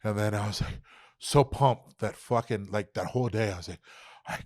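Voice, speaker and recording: A man in his thirties telling hunting stories on a podcast, animated and profane, acting out what people said. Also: lowish voice, moderate pace, no room sound. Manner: animated, profane, acts out quotes. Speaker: podcast guest. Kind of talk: casual storytelling.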